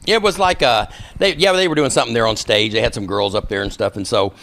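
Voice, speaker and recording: A man's voice: medium pitch, quick pace. A man, a podcast guest telling long stories in a casual way and acting out the people in them. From Texas. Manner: lively raconteur acting out quoted people. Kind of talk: casual storytelling.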